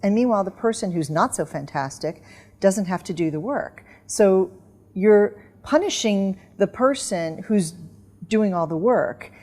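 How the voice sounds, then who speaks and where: A middle-aged woman, a guest author in an interview, telling lively stories and acting out commands. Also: medium pitch. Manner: animated storyteller, acts out dog commands. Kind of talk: casual interview chat.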